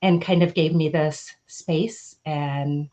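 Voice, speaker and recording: A woman in her forties talks in a bubbly, chatty way, laughing easily as she tells her story. Her voice sits a little low, and she comes through a video call. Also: fairly even intonation, slow, warm tone. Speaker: guest life coach. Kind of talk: casual livestream chat.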